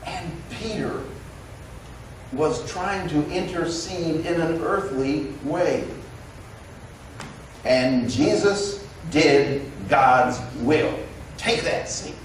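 A man preaching a sermon in a conversational, storytelling way, acting out the voices in his story. His voice sits a little high and comes from some distance off the mic. The church around him rings with heavy echo and a faint hum of room noise. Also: very slow, pauses often. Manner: conversational, animated storytelling with quoted dialogue. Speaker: pastor. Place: church sanctuary. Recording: roomy echo, recorded from a distance.

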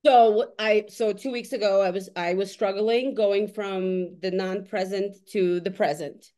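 A woman hosting a casual podcast chat, English not her first language, telling stories in an animated way and swearing freely. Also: mid-range voice, a little slow. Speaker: host.

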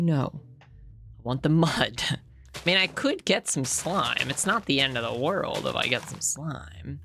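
Low-voiced playful woman gamer. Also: a little slow, vocal fry, a little hiss or hum. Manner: playful, excitable, talks to herself and viewers. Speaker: gaming channel host. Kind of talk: casual gameplay commentary. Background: faint background music.

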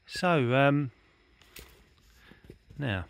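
A man's voice: lowish voice, slow, creaky, pauses often, a bit bright, dry recording. A man reading a storybook aloud in a casual manner, with fillers and small slips. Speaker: reader.

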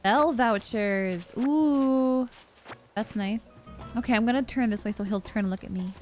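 A young woman giving chatty, excitable gameplay commentary as a gaming vlogger. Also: medium pitch, normal speed, slight background noise. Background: faint game music.

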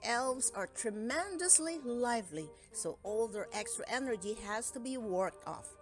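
A woman narrates a children's storybook for reading aloud. Her delivery is slow and deliberate, with a lively, rising and falling pitch. Faint music plays quietly underneath. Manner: slow, expressive. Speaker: storybook reader.

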